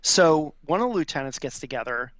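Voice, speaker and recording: A man's voice: a little high, animated, fairly quick, fairly bright tone, dry recording. A man in his fifties, a podcast guest and veteran, telling a casual, profane anecdote and acting out the people he quotes. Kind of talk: casual storytelling. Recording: dry, slightly dull audio.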